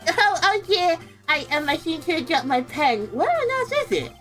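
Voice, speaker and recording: A woman's voice: extremely high pitch, very animated, moderate pace, a bit bright, faint music behind, pitched above the performer's own voice, exaggerated voice. A woman doing a fumbling old judge. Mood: flustered. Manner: fumbling, stammering, fussy. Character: flustered elderly male judge.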